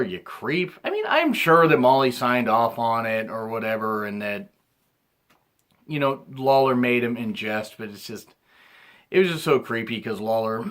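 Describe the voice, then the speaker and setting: A man in his thirties giving a rambling casual recap as a reviewer, often clearing his throat and restarting his sentences. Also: fairly low pitch, a bit bright. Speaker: wrestling reviewer.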